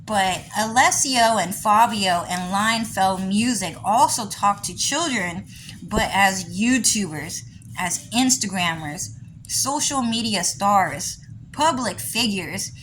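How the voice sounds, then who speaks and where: Slow, rambling woman. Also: medium pitch, fairly bright tone, slight background noise, poor audio. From California. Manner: rambling, conversational, full of "you know" and "like". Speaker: diary vlogger. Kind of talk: casual monologue.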